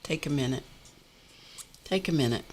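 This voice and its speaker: Middle-aged woman, casual livestream host, chatty and rambling, lowish voice. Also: animated, moderate pace, a little hiss or hum. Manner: chatty, rambling, laughs often, talks to viewers by name.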